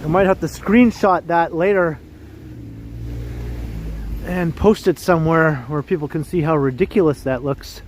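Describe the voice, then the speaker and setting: A Canadian livestreamer strolls down a snowy city street in the evening, chatting casually, laughing often, and calling out viewers by name. He speaks in a fairly high voice at an unhurried pace with frequent pauses, over slight background noise.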